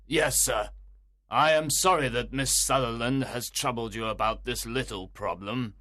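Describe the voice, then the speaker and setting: Brief: guilty stepfather for an audiobook, stiff then blustering, bright sharp tone, a man doing the voice. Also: mid-range voice, a little slow, no room sound, studio quality, voice pushed up. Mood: stiff polite. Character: nervous defensive middle-aged stepfather. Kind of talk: audiobook reading.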